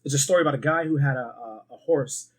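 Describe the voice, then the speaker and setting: A man co-hosting a podcast, chatting casually and telling animated stories full of swearing and acted-out quotes. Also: medium pitch, quick pace. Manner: animated storyteller, swears freely, acts out quoted voices. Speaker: podcast co-host. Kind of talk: casual chat.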